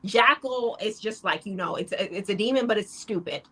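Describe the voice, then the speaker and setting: A woman co-hosting a casual show recap, retelling scenes in an animated way and acting out the characters' lines. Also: mid-range voice, normal speed, slightly rough, rough recording. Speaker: podcast co-host.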